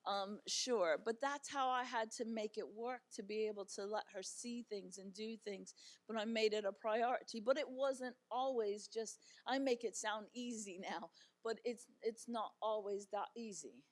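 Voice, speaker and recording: A middle-aged woman giving a talk as a guest speaker, telling personal stories in a conversational, animated way with frequent fillers. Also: fairly high pitch, moderate pace. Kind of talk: personal storytelling talk to an audience. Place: church event.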